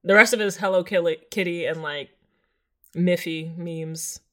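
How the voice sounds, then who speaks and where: A woman's voice: on the low side, fairly even intonation, moderate pace, pushed and bright. A woman co-hosting a casual podcast chat, talking bluntly and wryly as she steers the conversation. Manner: blunt, wry, leads the conversation. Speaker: podcast co-host.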